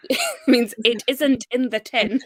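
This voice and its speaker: A woman's voice: on the high side, steady tone, takes it slowly, background noise. A woman with a Yorkshire accent hosting a casual reading-sprint video chat, talking chattily and laughing often. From Sheffield, Yorkshire.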